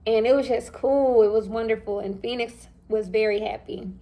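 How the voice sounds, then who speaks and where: A young woman with a slightly high voice tells a story in easy, informal chat. She is animated, slips into the voices of the people she quotes, and speaks straight to her listeners as if among friends. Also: normal speed. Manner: animated, acts out quoted dialogue; chatty and informal, addresses listeners directly. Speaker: vlogger. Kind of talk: casual storytelling.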